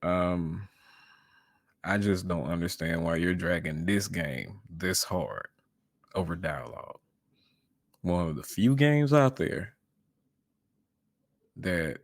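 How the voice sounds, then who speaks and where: Deep gravelly man reacting to a video. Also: animated, no room sound, clean studio sound. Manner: measured, repeats words when pressing a point. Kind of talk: casual reaction commentary.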